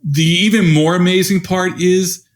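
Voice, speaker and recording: A man's voice: high-pitched, fairly even intonation, measured pace. Fifties guy on a podcast, telling stories, does the voices of the people he quotes. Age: 50s. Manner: acts out quoted dialogue in his stories. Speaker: guest educator. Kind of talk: conversational storytelling.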